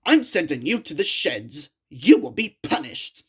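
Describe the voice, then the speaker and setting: A woman's voice: low-pitched, sing-song, a little slow, slightly rough, full character voice. A woman voicing a stern older male railway boss in a storybook horror tale, with a scolding manner.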